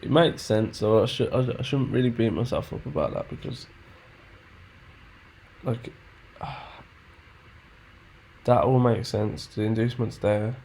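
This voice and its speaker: A man's voice: mid-range voice, measured pace, creaky, long pauses, a little mellow, slight background noise. A man who thinks aloud while he trades. He talks to himself, sounds frustrated and swears often. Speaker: trader backtesting charts. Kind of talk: muttering commentary to himself.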